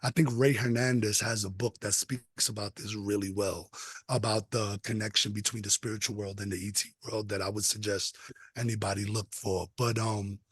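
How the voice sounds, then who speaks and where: A man's voice: on the low side, fairly even intonation, normal speed, slightly rough, no echo, studio quality. A man on a podcast telling a personal story in an earnest, emphatic, casual way. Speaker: podcast guest.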